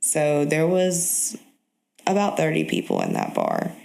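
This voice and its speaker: A woman speaks as a podcast guest in a heavily gravelly, creaky voice. Her pitch moves up and down a lot as she tells a personal story. She talks haltingly and reflectively, pausing and restarting often. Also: wildly swooping pitch, a little mellow.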